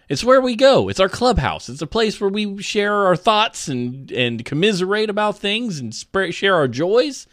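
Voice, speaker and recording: A man's voice: a little high, a bit bright, no room sound, clean studio sound. A man hosting a comedic news podcast, talking casually with goofy, rambling asides and playful jokes. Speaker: podcast host.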